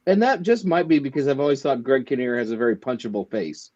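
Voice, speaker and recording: A man's voice: mid-range voice, fast talker, darkish tone, muffled recording. A man co-hosting a casual movie podcast, rambling and joking in an easygoing way. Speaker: podcast co-host. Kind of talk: casual chat.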